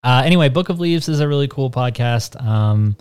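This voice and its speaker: Male co-host, North American, casual rambler, mid-range pitch. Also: lively intonation, fairly quick, a little mellow, clean tone. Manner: rambling, filler-heavy storytelling. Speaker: podcast co-host. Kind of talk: casual chat.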